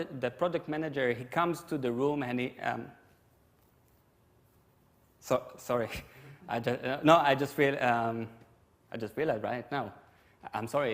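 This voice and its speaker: A man's voice: medium pitch, in a large hall. A man giving a humorous conference talk, chatty and self-deprecating, full of restarts and little asides. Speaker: conference speaker. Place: lecture hall at a conference.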